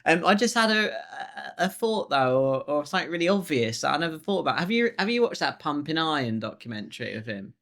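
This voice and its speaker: Halting man, full of "like". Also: a little high, very animated, creaky, fairly bright tone. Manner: halting, lots of "like" and "you know", laughs often. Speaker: podcast co-host. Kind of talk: casual film discussion.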